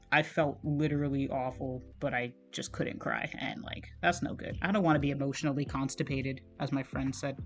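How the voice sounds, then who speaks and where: A man streaming while he draws, talking in a rambling, casual way, full of "like" and swearing. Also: medium pitch. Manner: rambling, heavy use of "like", frequent swearing. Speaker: art streamer.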